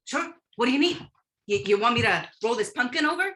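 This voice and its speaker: A woman voicing a chatty, touchy pug dog in a staged play reading, quick to take offense and eager to help. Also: on the high side, expressive, fairly bright tone, slight background noise.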